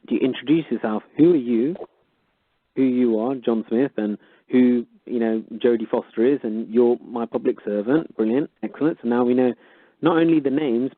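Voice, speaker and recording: A man's voice: mid-range voice, no room sound. A man co-hosting a call-in radio show, explaining things in a loose, rambling way. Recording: tinny phone-line sound, dry.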